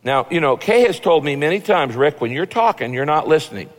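A pastor preaching a sermon in a relaxed, folksy, conversational way, acting out little quotes as he goes. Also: on the high side, a little fast, big-room sound.

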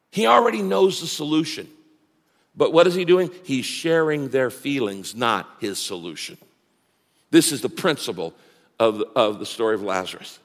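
A male pastor preaching a sermon, swinging from loud, fast bursts to hushed, slow lines. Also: a little high, lively intonation. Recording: long hall reverb.

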